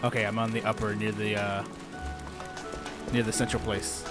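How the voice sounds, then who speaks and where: A man's voice: on the low side, flat delivery. A man streaming a video game, chatting casually with a friend and viewers, with brash, crude jokes. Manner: brash, crude joking, quick. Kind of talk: casual gaming stream chat. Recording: game music behind voice. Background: game music.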